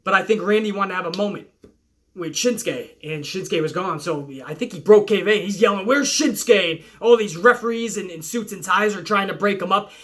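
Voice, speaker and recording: A middle-aged man recapping a wrestling show in a casual vlog, swearing freely and rambling with animated opinions. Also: high voice, a little fast.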